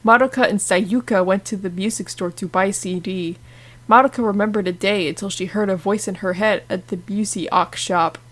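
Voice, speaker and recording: A woman reads an awkwardly written fan story aloud, deadpan and amused. She breaks in with quick asides. Her pitch sits in the middle for a woman. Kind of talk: comedic read-aloud.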